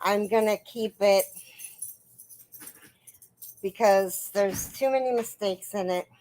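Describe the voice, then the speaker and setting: A woman's voice: medium pitch, slow, darkish tone. A woman hosting a crochet livestream, chatting casually and greeting viewers by name in a sing-song lift. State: out of breath.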